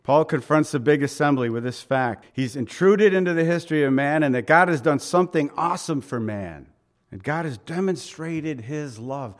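A man's voice: on the high side, normal speed. A middle-aged man preaching a conversational sermon, asking rhetorical questions and voicing quotes dramatically. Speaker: pastor.

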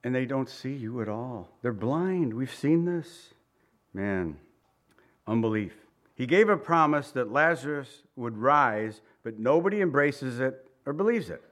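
A male pastor giving a conversational sermon. He reads scripture, repeats key phrases for emphasis and drops into quiet asides. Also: mid-range voice, expressive, unhurried.

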